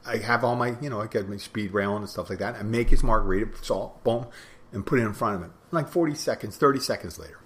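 A man's voice: fairly low pitch, fast, a bit bright. A man hosting a podcast, telling a bar story in a rambling casual way, repeating phrases and acting out both sides of the talk. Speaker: podcast host, bartender.

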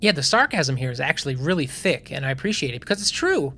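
Bright-voiced man musing on a show. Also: on the high side, sing-song. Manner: thoughtful, analytical, with halting restarts. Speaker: podcast co-host. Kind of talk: casual chat.

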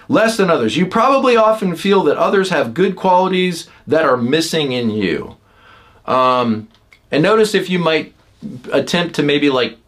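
A man hosting a podcast, talking casually about personality types, with many fillers and quick acted-out lines from other people. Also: a little high, a bit bright. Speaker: podcast host. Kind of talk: casual teaching talk.

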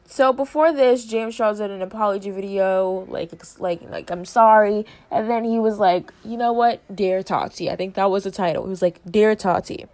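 A woman hosting a casual commentary, chatty and animated, acting out what others said. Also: medium pitch, brisk, few pauses, no room sound. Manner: chatty, animated, acts out quotes. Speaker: host.

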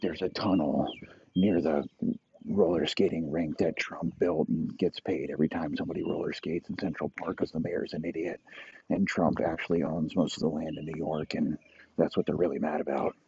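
A man voicing a scheming older male team boss who speaks in a low, gruff, secretive way. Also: fairly even intonation, moderate pace, darkish tone, exaggerated voice. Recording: dull lo-fi recording.

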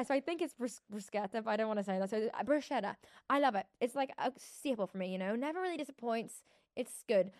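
Young girl rambling on her podcast, bit high voice, dry close sound, swears a lot. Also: darkish tone, dry recording. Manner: chatty, rambling, full of "like" and restarts, swears casually. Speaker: podcast host. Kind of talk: casual solo podcast chat.

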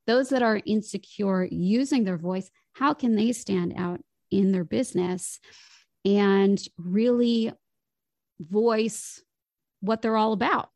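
A woman's voice: medium pitch, slow, darkish tone, no room sound, clean studio sound. A woman voice coach speaking in a podcast interview, explaining ideas in an articulate, flowing way.

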